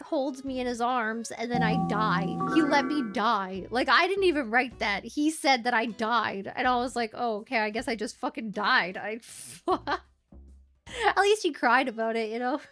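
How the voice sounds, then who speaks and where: A young woman streamer with a high, bright voice rambles through a story on stream. She giggles often and keeps circling back to her point. Faint music plays behind her.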